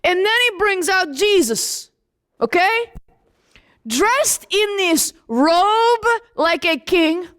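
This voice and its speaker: A woman's voice: extremely high pitch, animated, slow, fairly bright tone, full character voice. A woman playing an indignant young apostle. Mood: incredulous. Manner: emphatic and indignant, talks straight to the listener. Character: young apostle John, a man, grieving and indignant. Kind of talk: dramatic first-person monologue.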